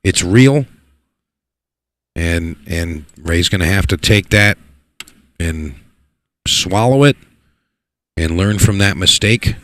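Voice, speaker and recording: A man giving live play-by-play commentary on a pool match, excitable and repeating words for emphasis. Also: deep voice, slow, pauses often. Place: pool hall.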